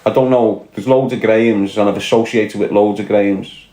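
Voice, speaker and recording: Fairly low and dark, his voice stays steady at a moderate pace in an echoey room. This Scouse man from Liverpool hosts a casual livestream where he bluntly rants, swears, and takes a combative line answering chat messages.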